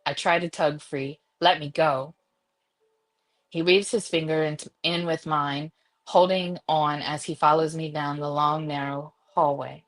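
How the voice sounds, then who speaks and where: Low-voiced woman reading a romance aloud. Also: flat delivery, moderate pace. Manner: giggly, breaks into laughter. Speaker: reader.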